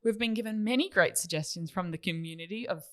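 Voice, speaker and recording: A woman's voice: lowish voice, fast, fairly bright tone. A woman, co-hosting a finance podcast with a teasing, cheerful manner and frequent laughs. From Australia. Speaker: podcast co-host. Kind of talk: casual chat.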